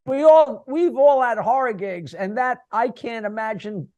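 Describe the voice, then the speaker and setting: A man's voice: extremely high pitch, unhurried, dark tone, no echo, dull audio. A man co-hosting a comedy talk show, asking questions and mimicking voices with a laugh. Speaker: podcast co-host. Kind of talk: casual interview chat.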